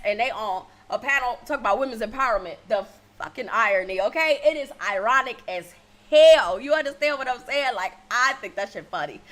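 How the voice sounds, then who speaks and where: Sassy, profane high-voiced woman. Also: fairly bright tone. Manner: sassy, blunt and profane, laughs often. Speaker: TV show reviewer. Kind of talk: casual recap vlog.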